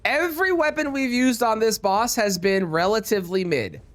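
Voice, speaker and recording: A man's voice: sits high, expressive, moderate pace, a bit bright. A man streaming a game live, chatting with viewers and swearing at the game in frustration.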